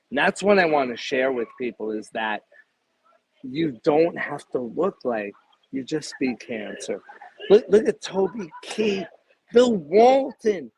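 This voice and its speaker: A man in his fifties, a guest in a casual interview, talking in an emphatic, salesy pitching way. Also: sing-song, takes it slowly, gravelly, darkish tone, slight background noise, poor audio. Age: 50s.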